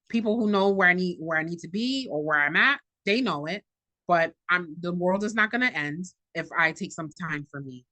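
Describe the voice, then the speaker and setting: A woman speaking as a mental health clinician on a panel, animated and giving everyday examples. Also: fairly low pitch, dry recording. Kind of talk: panel discussion.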